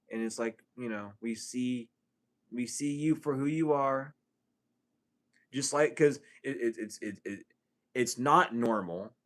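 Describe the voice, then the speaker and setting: A man talking straight to camera in a casual, profane spiritual vlog, animated and laughing between thoughts. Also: mid-range voice. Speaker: tarot reader and healer.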